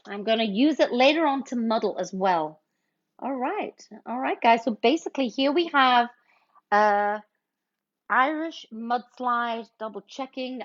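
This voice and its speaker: A woman hosting a casual cocktail livestream, chatting as she mixes drinks and greeting viewers with pet names like honey. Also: fairly high pitch. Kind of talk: casual livestream chat while mixing drinks. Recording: slightly dull lo-fi stream audio.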